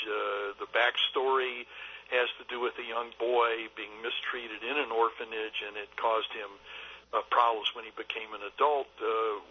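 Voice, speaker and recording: An older man, a film director, telling anecdotes in a radio interview, halting with many fillers and restarts. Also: mid-range voice, husky. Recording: dull lo-fi radio line.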